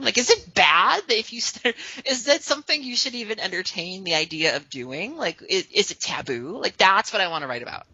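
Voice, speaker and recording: A woman's voice: lowish voice, sing-song, normal speed, hardly any pauses, bright, forceful tone, slightly rough, no echo. A woman co-hosting a podcast, chatting casually and animatedly, laughing often. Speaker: podcast co-host. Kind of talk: casual chat. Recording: dull lo-fi phone-call audio.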